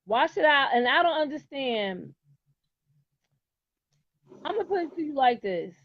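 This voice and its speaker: High-pitched middle-aged woman, blunt, emphatic, casual chat, muffled lo-fi sound. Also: big pitch swings, unhurried, dry recording.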